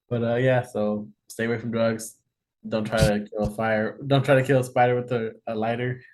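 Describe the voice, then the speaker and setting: An easygoing man co-hosting a casual podcast. He chuckles often and talks loosely in a mid-pitched voice, close to the mic. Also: little pitch movement, moderate pace, long pauses, darkish tone. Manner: easygoing, chuckling, says "bro" a lot. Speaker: podcast co-host. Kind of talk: casual chat.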